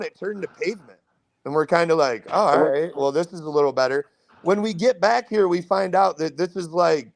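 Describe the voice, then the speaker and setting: A young man casually telling a long, profane story as a podcast guest, rambling and animated. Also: sits high, vocal fry.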